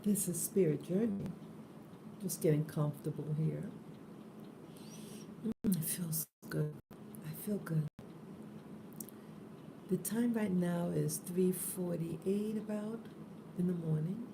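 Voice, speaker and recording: A just-woken woman talks slowly and softly on an early morning spiritual live stream, her low voice gravelly with fry. She holds a phone close in a room with the window open, and steady noise sits under the recording. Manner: slow, drowsy, soft-spoken. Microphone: phone held close.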